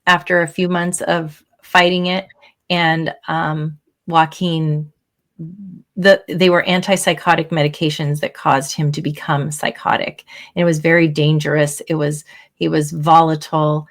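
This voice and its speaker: Earnest middle-aged woman, low voice. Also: little pitch movement. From California. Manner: earnest, emotional, with frequent pauses and fillers. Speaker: interview guest. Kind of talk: personal storytelling in an interview.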